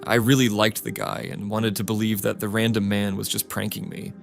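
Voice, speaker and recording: Low, flat male narrator with gravelly voice. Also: a little fast. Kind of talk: scripted narration of reddit stories. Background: music.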